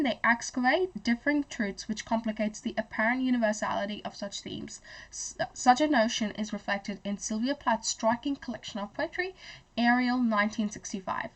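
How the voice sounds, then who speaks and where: A young Australian woman tutoring high-school English, chatty and full of fillers and self-corrections. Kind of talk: explanatory tutoring lesson.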